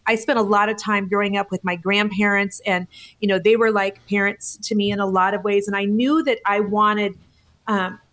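A woman's voice: medium pitch, little pitch movement, normal speed, a bit bright. A woman in her forties talks as a guest on a podcast. She tells her story with a lot of feeling and sounds close to tears. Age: 40s. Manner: emotional, tearful storytelling. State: tearful. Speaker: guest author. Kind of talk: podcast interview.

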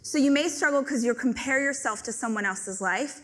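A woman giving a live stage talk to an audience, telling stories in an animated, joking way. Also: sits high, normal speed. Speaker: motivational speaker.

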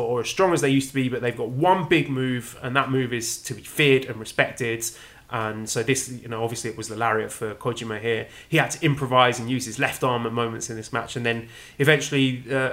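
A man co-hosting a podcast, recapping matches in a measured, wry, casual way. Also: medium pitch, a bit bright. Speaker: podcast co-host. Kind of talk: casual wrestling review chat.

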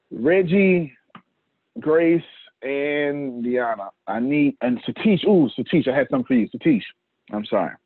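A man with a mid-range voice leads a casual business team meeting, handing out tasks while joking, laughing, and repeating himself. The recording has no echo but sounds tinny, like a phone line.

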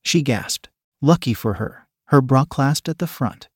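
A man narrating a first-person erotic story in a slow, measured storytelling manner. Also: mid-range voice, expressive, husky, no room sound, studio quality.

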